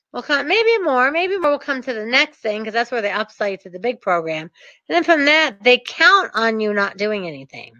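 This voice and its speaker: A woman's voice: a little high, bright, forceful tone, dry recording, dull audio. A woman coaching her real estate students in a motivational talk, earnest and emphatic, repeating her points for stress.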